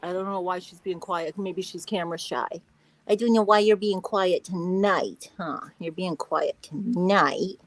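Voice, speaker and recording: A woman in casual live stream chat, effusive and quick with compliments. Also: on the low side, dry recording, poor audio. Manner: warm, effusive, gushing with compliments.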